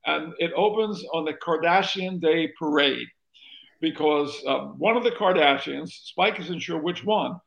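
A man's voice: on the high side, a little slow, creaky, a bit bright, highs cut off. An older man, a former talk show host from North Carolina, telling stories as an interview guest, wandering and restarting as he goes. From North Carolina, USA. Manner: rambling anecdotal storyteller, restarts often.

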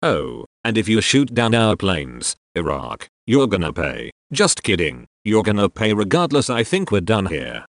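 A malfunctioning robot newsreader , spoken by a male text-to-speech voice, reads the news deadpan and trips over his own words. The synthetic voice sits low and swings widely in pitch, with a dry, close sound. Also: measured pace, few pauses, no room sound, exaggerated voice.

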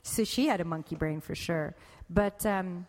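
A woman with a somewhat low voice talks casually and rambles, stopping to fix her words and laughing easily. Her voice rings out with a long, hall-like reverb, as if she were recording in a large open room. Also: moderate pace, a little mellow. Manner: rambling, self-correcting, laughing often. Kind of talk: casual conversation about meditation.

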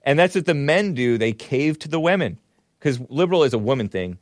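A man's voice: on the high side, lively intonation, a little fast, no echo, clean studio sound. A man hosting a talk show, giving sarcastic, chuckling commentary while reading out chat comments.

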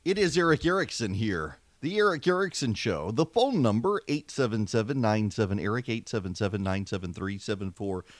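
A man's voice: on the low side, animated, fairly quick, few pauses, no echo. A man, hosting a casual, chatty political talk radio show with a self-deprecating manner. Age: 40s. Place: home studio, seated at a mic. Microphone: studio microphone.

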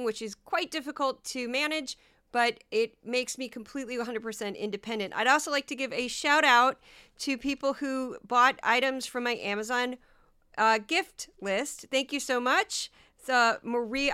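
A woman's voice: a little high, bright, forceful tone, clean tone. A woman from Missouri hosting a solo podcast, talking in a casual, sarcastic and mocking way. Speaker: podcast host.

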